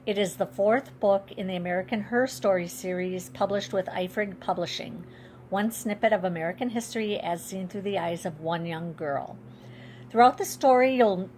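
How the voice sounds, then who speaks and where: A woman author reading her own storybook aloud in a steady, clear, expressive way. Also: mid-range voice, slight background noise.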